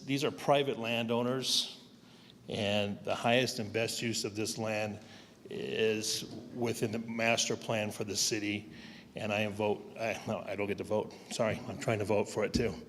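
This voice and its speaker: A man with a fairly low voice speaking in a large council chamber, where his words trail into a long reverb over a faint background hum. He sounds hesitant and a little nervous, stumbling and losing his place as he makes his public comment. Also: fairly even intonation, a little slow, fairly bright tone. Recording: long hall reverb with faint room ambience.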